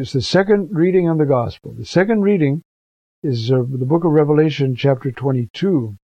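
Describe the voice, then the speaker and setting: With a medium-pitched voice, this older priest gives preachers a conversational yet earnest commentary on the readings. It's a dull, dry recording.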